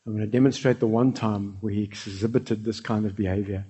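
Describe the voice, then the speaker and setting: A South African pastor preaching a lively sermon to his church, now and then dropping into Afrikaans. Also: lowish voice, a little fast, slightly rough. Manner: animated, switching into Afrikaans.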